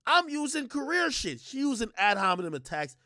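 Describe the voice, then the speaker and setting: A man's voice: extremely high pitch, very animated, brisk, pushed and bright, no echo, clean studio sound. A man hosting a livestream, ranting in a heated, profane way and stumbling over filler words and restarts. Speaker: livestream host.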